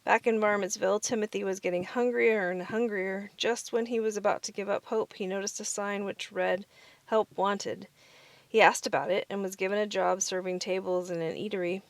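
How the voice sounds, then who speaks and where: Woman reading children's book aloud, clear and expressive, dry recording. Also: medium pitch, brisk, few pauses, no room sound. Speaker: storybook reader.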